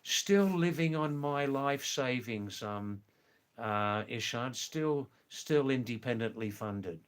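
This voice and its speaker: A retired older man from England and Australia reads comments to his live stream audience in an expressive, medium-pitched voice. He takes his time, speaking slowly and gently, repeating himself and frequently saying "you know" and "yes."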